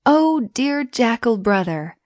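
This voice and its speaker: A woman's voice: a little high, sing-song, takes it slowly, a little mellow, dry recording, voice pushed up. A woman voicing a frightened man who pleads in a raised, anxious voice. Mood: urgent.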